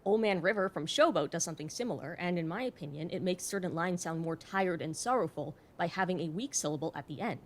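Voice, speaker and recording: A woman's voice: on the low side, lively intonation, fast, hardly any pauses, slight background noise. Woman narrating an explainer with wry asides. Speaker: host. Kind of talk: scripted educational narration.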